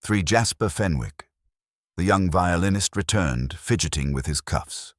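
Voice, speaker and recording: A man's voice: deep voice, lively intonation, unhurried, dry recording, studio quality. A man narrating a mystery story with dramatic delivery. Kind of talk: scripted narration.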